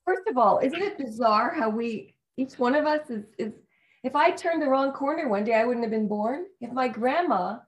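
A woman's voice: fairly high pitch, lively intonation, normal speed. A woman hosting a casual talk show, enthusiastic and affirming toward her guest as she tells a family story. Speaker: host.

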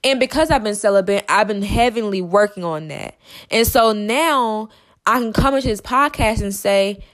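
A young woman hosting a podcast, talking fast and emphatically in a monologue, repeating herself and stumbling over words. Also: medium pitch. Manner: emphatic and repetitive, fast with stutters. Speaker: podcast host.

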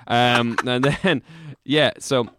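A man's voice: mid-range voice, steady tone, drawn-out words, fairly bright tone, clear, resonant tone. A man with a Dublin Irish accent, co-hosting a podcast in casual, rambling, jokey banter. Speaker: podcast co-host. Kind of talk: casual chat.

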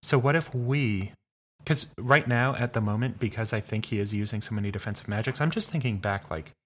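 A man's voice: on the low side, fairly quick, a bit bright. A man chatting casually as a player in a tabletop role-playing game, rambling with many fillers and restarts.

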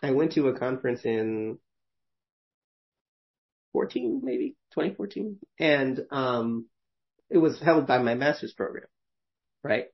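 A man's voice: mid-range voice, animated, unhurried, gravelly, long pauses, muffled recording. A man in his thirties, a podcast host telling stories casually, rambling with many fillers and frequent laughs. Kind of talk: casual conversational storytelling.

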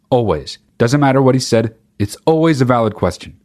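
A man's voice: medium pitch, animated, a little fast, a little mellow. A man hosting a podcast, ranting in a profane, sarcastic, rambling comedic way. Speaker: podcast host. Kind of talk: comedic rant.

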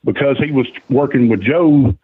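A husky man explains things in loose casual chat, leaning on filler words. His voice comes through a narrow, phone-like line with no room sound at all. His pitch is middling. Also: moderate pace, no echo.

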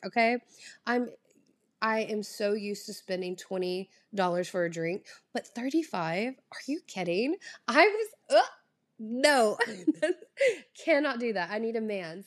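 A young woman with a Southern US drawl chatting casually to camera, profane and ranting, laughing often. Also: mid-range voice. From Southern United States. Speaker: vlogger. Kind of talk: casual chat.

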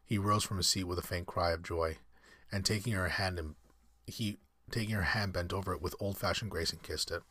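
A man reading a storybook aloud at an unhurried pace, now and then stumbling and correcting himself. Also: low-pitched, steady tone, sharp tone, slightly rough, no room sound. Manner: unhurried, with slips and self-corrections. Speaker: reader.

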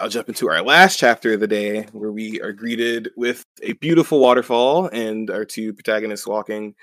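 A young man casually recaps a story on a podcast, rambling and full of fillers. His voice sits fairly low, and the recording is dry and close. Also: a bit bright, no room sound. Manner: rambling, filler-heavy, chuckling. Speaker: podcast co-host.

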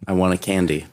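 A man's voice: sits low, darkish tone, slight background noise. A man co-hosting a podcast, chatting casually and joking while tasting whiskey. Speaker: podcast co-host.

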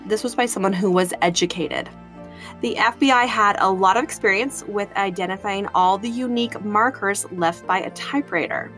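A woman's voice: mid-range voice, a bit bright. A woman from Utah co-hosting a true crime podcast, talking in a conversational, agreeable way. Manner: conversational, agreeable, lots of mm-hmms. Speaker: podcast co-host.

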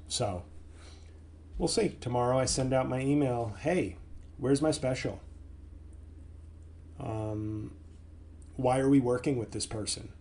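A man who hosts a comedy podcast, ranting angrily and profanely, stumbling over his words as his voice swings from loud outbursts to low mutters. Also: slight background noise. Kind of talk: solo podcast rant.

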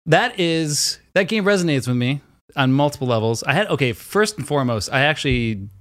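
A man from Rochester, New York, co-hosting a casual chat and telling rambling stories with quick laughs. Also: a little high, animated, dry recording, clean studio sound. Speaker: podcast co-host. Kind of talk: casual banter.

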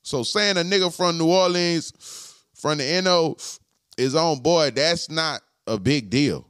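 A man hosting a podcast, talking to his live chat in a slangy, profane way and repeating his points slowly. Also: fairly high pitch, a bit bright, clean tone, no room sound, clean studio sound. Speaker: podcast host. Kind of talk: casual live-stream chat.

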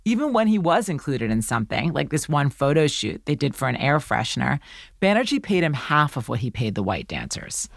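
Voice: mid-range voice, very animated, fairly quick, creaky, dry recording. A host delivering scripted documentary narration in a conversational, wry way.

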